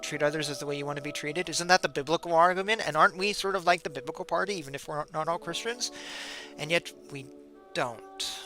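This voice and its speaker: A man's voice: on the high side, bright, forceful tone. A middle-aged man hosting a casual monologue, talking straight to his audience with lots of rhetorical questions. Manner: conversational, rhetorical questions, chuckles. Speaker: political commentary host. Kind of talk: casual direct-to-camera monologue.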